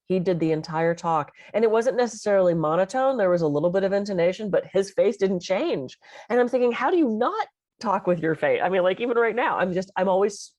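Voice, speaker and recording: A middle-aged woman co-hosting a podcast in casual chat, an animated and expressive storyteller. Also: mid-range voice, fast talker, no echo, muffled recording. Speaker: podcast co-host.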